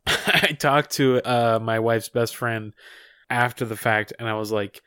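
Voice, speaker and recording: A man's voice: medium pitch, slow pace, bright, forceful tone, clean tone, no room sound, clean studio sound. A man co-hosting a podcast in casual chat, rambling with lots of fillers, restarts and swearing. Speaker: podcast co-host.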